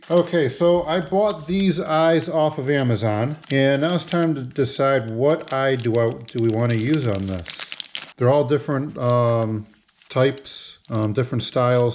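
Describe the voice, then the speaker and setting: A man narrating his own hobby video in a casual how-to style. He talks through each step as he works, at a middling pitch for a man. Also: a little mellow, a little hiss or hum. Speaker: hobby lure painter.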